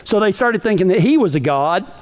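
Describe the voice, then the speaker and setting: A man's voice: high voice, animated, a little fast. A man preaching a sermon in a folksy, emphatic way, full of rhetorical questions.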